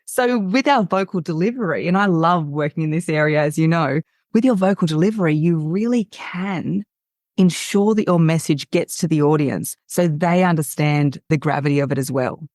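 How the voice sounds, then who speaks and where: A woman, a voice coach, chatting as a podcast guest in an expressive, teacherly way. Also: low voice, moderate pace, no echo, studio quality. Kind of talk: casual podcast chat.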